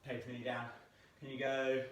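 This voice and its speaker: With a mid-range, monotone delivery at a fairly quick clip, a man counts off jumps aloud while demonstrating a home workout, gradually losing his breath. It's captured in a small room at home that echoes, with the mic set well back.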